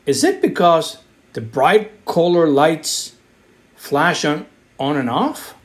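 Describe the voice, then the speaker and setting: A man voicing a cheerful father gently coaxing his son in a storybook reading, asking playful questions. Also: fairly high pitch, big pitch swings, slow.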